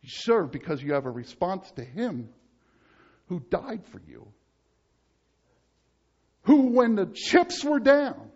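A male pastor preaching a sermon emphatically, moving between loud urgent passages and low, quiet ones. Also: wildly swooping pitch, slow pace, long pauses, lo-fi sound.

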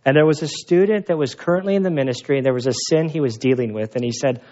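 A pastor giving a sermon, telling stories in a conversational, animated way. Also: male voice, medium pitch, fast talker, highs cut off. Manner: conversational storytelling with animated asides.

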